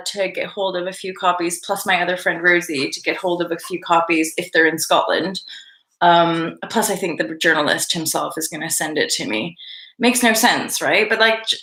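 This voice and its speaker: A woman's voice: medium pitch, a bit bright. A woman in her thirties hosting a vlog, chatting to camera in a rambling, laughing way with some swearing. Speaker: vlog host. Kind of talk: casual chat to camera. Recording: echoey room.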